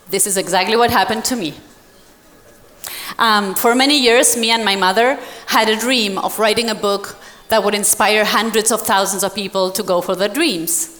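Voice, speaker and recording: Animated woman speaking on a stage. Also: on the high side, a little slow, pauses often. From Latin America. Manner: animated, laughing often, directing the audience. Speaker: motivational speaker. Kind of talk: live stage talk to an audience. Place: large event hall. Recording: long hall reverb.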